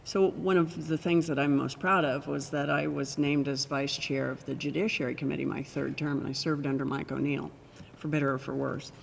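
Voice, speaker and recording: A woman's voice: low voice, level tone, fairly quick, creaky, few pauses, big-room sound, slight background noise. An older woman, a former state legislator, telling anecdotes in an oral history conversation and often breaking into laughter. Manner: warm anecdotal storytelling, bursts of laughter.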